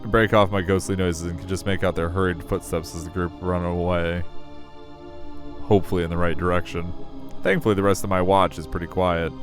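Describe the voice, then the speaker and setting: Deep-voiced man reading a visual novel. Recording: faint music behind.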